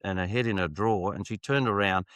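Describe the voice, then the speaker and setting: Middle-aged male podcast host, relaxed storyteller, lowish voice, dry close mic. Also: fast, clear, resonant tone, no room sound. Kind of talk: conversational interview, anecdotes.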